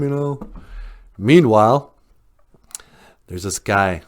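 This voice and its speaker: A man's voice: on the low side, unhurried. A man hosting a podcast, telling a story in a casual, rambling way with lots of fillers. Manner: relaxed, rambling with fillers and chuckles. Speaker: podcast host.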